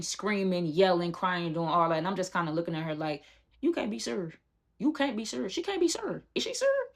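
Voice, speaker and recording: Fast-talking young woman telling a story. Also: fairly low pitch. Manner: animated, talks straight to her audience. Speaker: storyteller vlogger. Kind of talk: casual storytime vlog.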